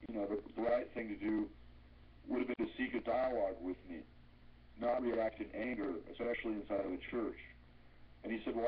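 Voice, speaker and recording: A man on a radio interview, calmly and deliberately telling a personal story. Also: mid-range voice. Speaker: radio guest. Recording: muffled radio audio with faint hiss.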